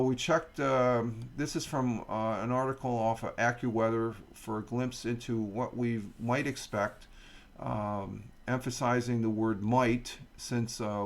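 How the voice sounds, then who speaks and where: A middle-aged man hosts a casual morning livestream from home, rambling with fillers and asides as he reads out a weather article. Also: fairly low pitch. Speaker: livestream host. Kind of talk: casual morning stream chat.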